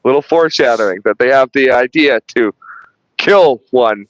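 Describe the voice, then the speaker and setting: A man's voice: medium pitch, normal speed, no room sound, rough recording. A man hosting a podcast, retelling film scenes in casual, rambling chat full of restarts and swearing. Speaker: podcast host reviewing a film.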